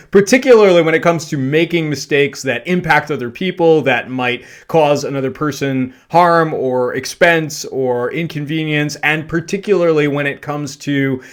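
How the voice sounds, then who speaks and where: A man hosting a podcast, telling a personal anecdote in a loose, animated way, full of fillers and self-deprecating laughter. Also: a little high. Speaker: podcast host. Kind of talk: storytelling monologue.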